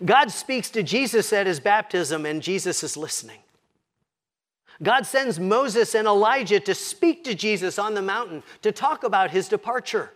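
Casting note: pastor, man, higher-pitched voice, expressive sermon delivery. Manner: expressive, slows and drops to a hush for quoted scripture.

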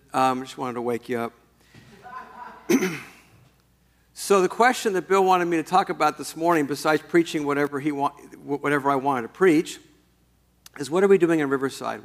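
Мужчина-пастор, живая разговорная проповедь. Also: male voice, a little high, a bit bright. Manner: folksy, conversational preaching with fillers. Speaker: pastor. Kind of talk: sermon.

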